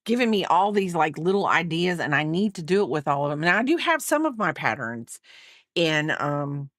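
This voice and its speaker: Chatty middle-aged woman vlogger, low voice, dry close sound, rambling casual chat. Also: very animated, normal speed, fairly bright tone, no room sound. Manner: rambling, chatty, many fillers and asides. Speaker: crochet vlogger. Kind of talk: casual chat while crocheting.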